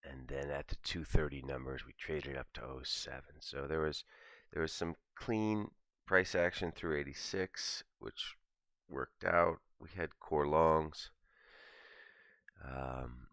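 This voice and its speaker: A man with a gravelly, very deep voice delivers a morning market commentary in a relaxed, profane, stream-of-thought manner. The recording is dry, with no room sound around him. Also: slow, dry recording. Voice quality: gravelly, very low voice. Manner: casual, profane, thinking aloud. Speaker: trading commentator.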